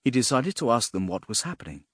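A man narrating a fantasy audiobook in a measured, expressive way, with a husky voice. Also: mid-range voice, dry recording, clean studio sound.

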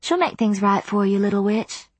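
A woman's voice: medium pitch, expressive, moderate pace, breathy edge, no echo, pitched above the performer's own voice. A woman voicing a dreamy, crooning young pregnant witch in an audiobook.

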